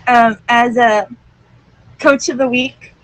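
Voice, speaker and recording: A woman's voice: a little high, fairly even intonation, slow, dry recording, rough recording. A woman coaching on a live-streamed singing show, gushing with effusive praise while on a train. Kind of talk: live-streamed casual chat.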